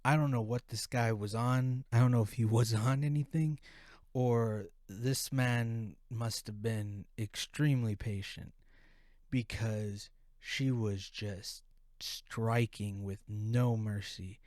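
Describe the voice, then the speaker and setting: A man's voice: medium pitch, steady tone, slow pace, darkish tone, no room sound, studio quality. A man hosting a podcast who tells a profane, rambling story in a casual way. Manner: profane, rambling, full of restarts. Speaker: podcast host.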